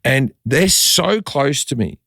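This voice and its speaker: A man's voice: medium pitch, takes it slowly, gravelly, no room sound, studio quality. A man telling a story as a comedian guest on a podcast, acting out the people in it and swearing freely. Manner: animated, acts out quotes, swears freely. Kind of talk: casual storytelling.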